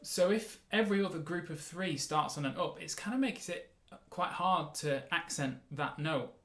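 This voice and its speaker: A man teaching a mandolin lesson, explaining in a relaxed way and counting the beats aloud. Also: fairly high pitch, normal speed. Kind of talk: casual music lesson. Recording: roomy sound with mandolin playing.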